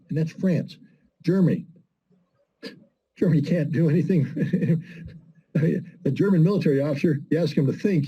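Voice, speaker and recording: Husky, very dark-voiced man. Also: medium pitch, dull audio. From United States. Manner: emphatic, scornful, fires rhetorical questions. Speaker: guest commentator. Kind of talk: political commentary in a conversation.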